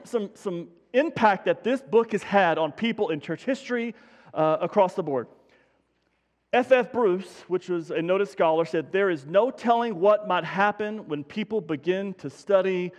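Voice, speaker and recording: A man's voice: sits high, long reverb tail. A man preaching a sermon as pastor, folksy and self-deprecating, with many restarts. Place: church sanctuary.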